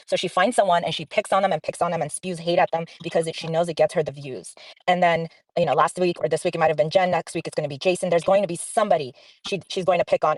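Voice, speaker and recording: A woman calling into an online audio chat room, talking briskly and disapprovingly. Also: fairly low pitch, no room sound. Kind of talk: critical commentary. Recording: distant from the mic.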